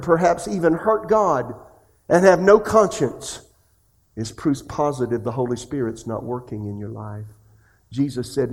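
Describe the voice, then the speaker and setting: Man preaching a sermon. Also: medium pitch. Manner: swings between loud questions and hushed confessions; asks the congregation direct questions. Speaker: pastor.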